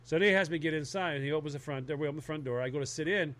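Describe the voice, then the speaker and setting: A man telling a comic personal story in casual chat, animated and laughing as he talks. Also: on the high side, rapid-fire.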